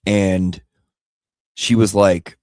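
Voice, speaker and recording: A man's voice: low-pitched, steady tone, drawn-out words, darkish tone, dry recording, clean studio sound. A man telling a personal story casually, candid and emotional, repeating himself and swearing now and then. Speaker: vlogger and pet owner.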